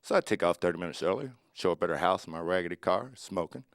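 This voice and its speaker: Forties stand-up comic, gravelly, animated, dry close mic. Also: male voice, low-pitched, fast talker, no room sound. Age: 40s. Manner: lively storytelling with acted-out voices. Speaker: stand-up comedian. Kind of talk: stand-up comedy set.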